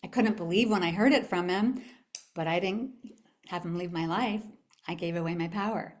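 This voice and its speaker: Female summit speaker, motivational talk, animated storytelling, asks the audience questions. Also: on the low side, moderate pace. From California. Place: event room with a live audience.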